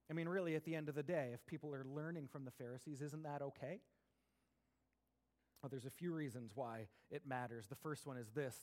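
A man with a high voice delivers a lively sermon to his congregation. He drops into soft, conversational asides, then climbs into loud, emphatic bursts as he drives a point home. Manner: animated preaching, swings between soft asides and raised emphatic bursts. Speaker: pastor.

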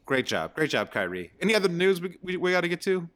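Male podcast host, a bit high, bright animated voice, loud teasing banter. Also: quick pace. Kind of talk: casual chat.

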